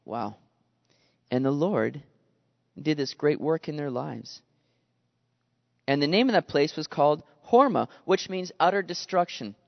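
Man, pastor, animated sermon, high-pitched, dry close voice, muffled lo-fi recording. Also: unhurried, vocal fry, long pauses. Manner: animated, acts out quoted voices. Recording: dull lo-fi sound with long reverb.

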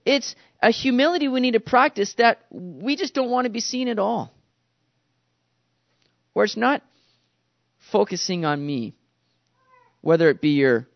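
A man's voice: fairly high pitch, vocal fry, no echo, muffled recording. A man preaching a sermon as a pastor, conversational and storytelling, often repeating words.

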